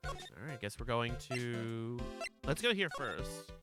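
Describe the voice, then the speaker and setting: A streamer talking casually through a live game, dropping dry, offhand asides and the odd curse. The voice moves in lively swings of pitch while game music plays clearly behind it. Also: takes it slowly. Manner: offhand, wry asides, swears.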